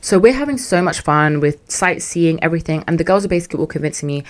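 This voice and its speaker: A woman's voice: deep voice, fast, few pauses. Slangy young woman telling a story. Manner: animated, slangy, sarcastic. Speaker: podcast host. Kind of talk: casual storytelling.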